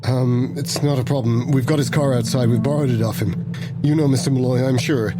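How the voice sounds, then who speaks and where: A man role-playing in a tabletop game, talking fast and flustered, repeating himself. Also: mid-range voice, steady tone, over loud music. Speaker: player. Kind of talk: in-character tabletop role-play.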